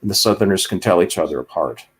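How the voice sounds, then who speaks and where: Man, husky low voice, animated storyteller, casual chat. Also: fast.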